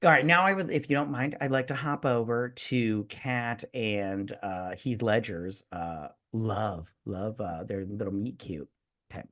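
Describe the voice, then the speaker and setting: Tipsy male co-host, profane, animated retelling of movie scenes. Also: fairly low pitch, unhurried. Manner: profane, animated, acts out quoted film scenes. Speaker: podcast co-host. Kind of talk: casual chat.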